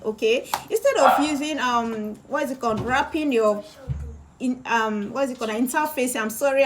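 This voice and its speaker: A woman's voice: fairly high pitch, very noisy. A woman, a bag-making instructor giving a live-streamed sewing tutorial, chatty and repeating phrases for emphasis. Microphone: phone or camera on a live video.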